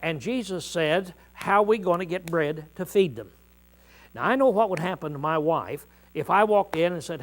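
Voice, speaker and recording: A middle-aged male preacher teaching a congregation in a folksy, conversational way, often clearing his throat and pausing with "uh". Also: high-pitched, expressive, poor audio. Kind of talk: informal Bible teaching to a congregation.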